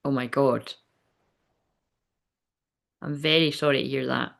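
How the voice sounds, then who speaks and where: A woman's voice: rumbling low, fairly even intonation, unhurried, gravelly, fairly bright tone. Chatty woman reading live comments. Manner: rambling, candid, swears freely, often asks "do you know what I mean". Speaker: medium hosting a live stream. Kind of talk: casual live-stream chat reading viewer comments.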